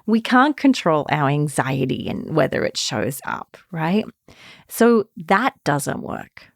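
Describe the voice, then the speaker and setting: A woman's voice: sits low, very animated, slow, vocal fry, no room sound, studio quality. A woman therapist hosting a podcast, explaining in a conversational way and often checking in with the listener. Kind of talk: podcast talk.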